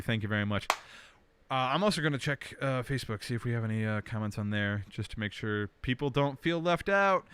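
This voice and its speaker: A young man hosting a casual livestream from home, rambling with lots of fillers and bursts of animated complaint. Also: mid-range voice, smooth, no room sound. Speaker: podcast host. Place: indoors at home under a blanket.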